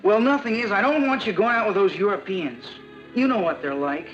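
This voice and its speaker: An earnest, jealous teenage boyfriend who speaks awkwardly in a high, bright voice. The sound is muffled old TV audio with faint music behind him. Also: male voice, brisk. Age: teen. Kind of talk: 1960s sitcom acting.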